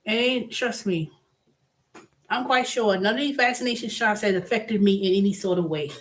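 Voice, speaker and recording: A woman's voice: medium pitch, moderate pace. A woman hosting her own vlog, talking casually and bluntly with strong emphasis, moving from exasperation to delight. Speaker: vlog host. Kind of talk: casual solo rant.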